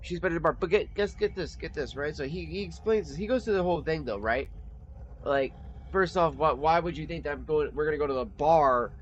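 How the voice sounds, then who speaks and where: A man streaming and chatting casually, telling stories in a blunt, profane, animated way. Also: a little high, brisk, lo-fi sound, a little hiss or hum. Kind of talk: casual chat while gaming.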